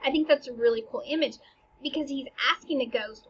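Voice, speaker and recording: A woman's voice: high-pitched, a little fast, dull audio, slight background noise. A woman teacher explaining a classic play in a casual, chatty way, slipping into slang as she paraphrases. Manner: chatty, slangy paraphrasing with dramatic read-aloud. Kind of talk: casual literature lesson.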